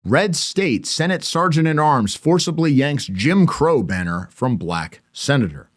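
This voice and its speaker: A man's voice: a little high, big pitch swings, measured pace. Sarcastic male podcast host. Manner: sarcastic, mocking asides. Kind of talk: opinionated commentary.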